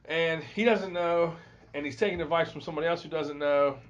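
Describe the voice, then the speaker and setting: A man's voice: on the high side, fairly even intonation, brisk, a little hiss or hum. A man hosting a podcast, telling a story in a casual, profane way and acting out what people said. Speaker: podcast host. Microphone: phone. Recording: dull lo-fi phone recording.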